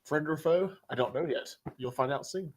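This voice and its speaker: A man's voice: fairly high pitch, moderate pace, a little hiss or hum. A man acting as game master, running a tabletop game with friends in a playful, teasing way.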